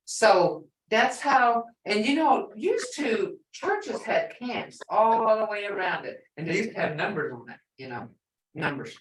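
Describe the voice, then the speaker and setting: A woman's voice: medium pitch, sing-song, measured pace, reverberant, far from the mic, rough recording. An older woman teaching a language class, chatty and storytelling, repeating words for emphasis.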